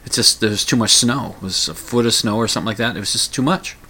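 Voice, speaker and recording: Man, middle-aged, rambling monologue, lots of fillers and restarts, dry humor, bright tone. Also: on the low side, fast, breathy edge.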